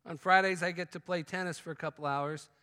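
A man preaching a sermon, swinging from loud exclamations to hushed, intimate tones. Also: on the high side, steady tone, fairly quick, clear, resonant tone. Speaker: pastor. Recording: long hall reverb.

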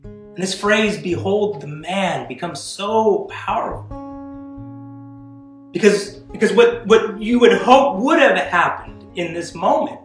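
A man with a high-pitched voice preaches in an echoey room while a guitar plays softly underneath. He reads scripture and speaks earnestly, restarting phrases as he builds toward emphatic declarations. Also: slow pace. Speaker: pastor. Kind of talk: sermon.

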